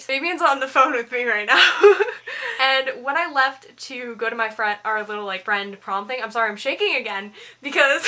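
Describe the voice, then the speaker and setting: A young woman chatting casually at home in a book vlog, bubbly and giggly, gushing with excitement. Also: on the high side. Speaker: book vlogger.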